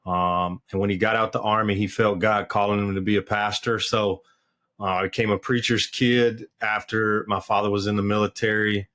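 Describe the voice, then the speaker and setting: A man's voice: fairly low pitch, flat delivery, moderate pace, fairly bright tone. A man as a podcast guest, telling his personal testimony in an earnest, candid way with plenty of fillers. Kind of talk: personal testimony in casual conversation.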